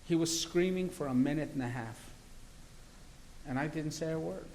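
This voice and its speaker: In a slightly high, darkish voice at a moderate pace, a criminal defence lawyer argues his points assertively and emphatically during an interview conversation. The recording is low quality, with slight background noise.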